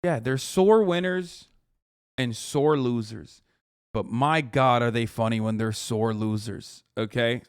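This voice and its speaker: A man's voice: mid-range voice, slow, clean tone, no room sound, studio quality. A man streaming live, reacting to a clip in casual, profane, mocking talk. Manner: profane, mocking, laid-back.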